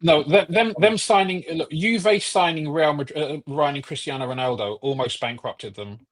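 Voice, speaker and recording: A man on a casual football panel, talking quickly and cutting in with fillers. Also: fairly high pitch.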